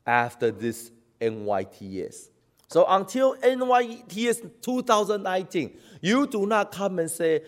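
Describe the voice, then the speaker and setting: A male pastor preaching a sermon with passion, repeating phrases for emphasis and dropping from loud calls to hushed lines. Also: sits high. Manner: impassioned preaching, swings between loud exhortation and hushed lines.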